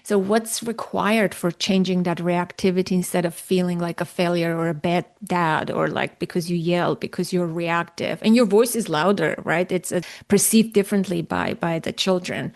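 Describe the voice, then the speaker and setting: A woman's voice: on the low side, moderate pace, few pauses. A woman hosting a podcast, interviewing a guest with one reflective question after another. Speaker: podcast host.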